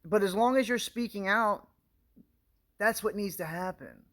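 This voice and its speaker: A man with a high-pitched voice pleads straight into the camera with his viewers. He rants with urgency, repeats himself, and restarts his sentences as he pushes his point. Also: unhurried, fairly bright tone. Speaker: video blogger addressing viewers. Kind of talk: impassioned direct-to-camera rant.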